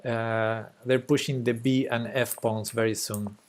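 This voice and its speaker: Slow-talking Spanish-accented man streaming chess. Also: mid-range voice, steady tone. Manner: slow, hesitant, with fillers and soft laughs. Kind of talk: casual live-stream commentary.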